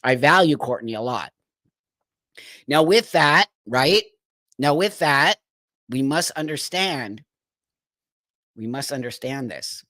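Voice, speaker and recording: A man's voice: mid-range voice, animated, slow, pauses often, bright, forceful tone, no room sound. A man hosting a livestream, giving opinionated commentary in a blunt, emphatic way, firing off rhetorical questions and reading viewer comments aloud. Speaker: livestream host.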